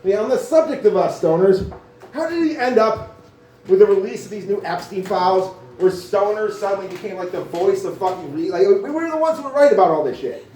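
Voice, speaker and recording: A man's voice: sits high, animated, brisk, warm tone. A man doing a rambling, profane stand-up comedy set in a small cafe venue, full of filler words. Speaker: stand-up comic. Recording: echoey room, mic from far off.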